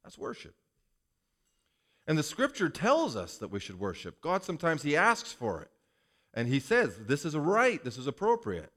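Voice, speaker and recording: Animated male pastor preaching conversationally. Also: a little high, normal speed. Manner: conversational preaching with rhetorical questions. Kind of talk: sermon.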